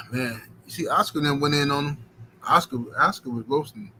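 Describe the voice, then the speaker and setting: A man's voice: a little high, normal speed, sharp tone, slight background noise, rough recording. A man hosting a boxing livestream, rambling in slangy casual chat and filling it with "you know what I'm saying.".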